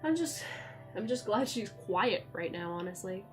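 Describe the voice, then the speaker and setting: A woman streaming from home, chatting casually, loud and excitable with casual swearing, sometimes cooing baby talk to her cat. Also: mid-range voice, measured pace, over music. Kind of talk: casual live-stream chat. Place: at home in a chair by a window.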